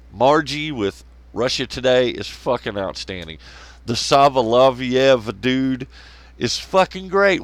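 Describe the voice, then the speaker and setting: A man's voice: medium pitch, fairly bright tone, dry recording. A man hosting a solo commentary show, rambling, swearing a lot and laughing at his own jokes. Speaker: podcast host.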